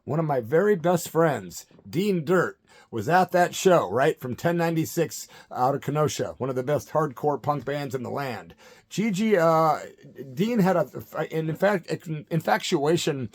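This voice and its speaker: A middle-aged man hosting his channel, telling a story in an animated, hyper way and acting out the quotes. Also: on the high side. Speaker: channel host. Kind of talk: storytelling monologue.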